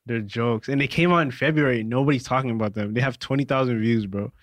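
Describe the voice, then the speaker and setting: A man's voice: medium pitch, fast, no room sound. Laid-back man chatting on a podcast. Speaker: podcast co-host. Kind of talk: casual chat.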